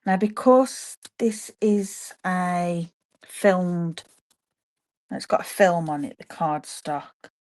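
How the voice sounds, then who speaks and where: A papercraft demonstrator shows card making on a live stream from her home craft room. Her voice is fairly low and a little mellow, with drawn-out words, and she chats with viewers as she works.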